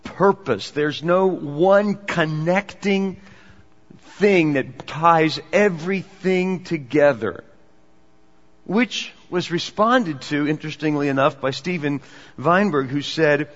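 Male preacher, mid pitch, emphatic then hushed; long hall reverb, muffled lo-fi sound. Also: slow. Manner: swings between emphatic and hushed delivery. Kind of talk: sermon. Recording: dull, echoey hall recording.

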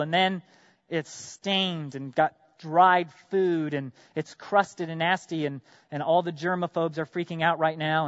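A man preaching a sermon as pastor, earnest, asking his congregation direct questions, swinging from loud emphatic bursts to quiet drops. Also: a little high, dry recording, lo-fi sound.

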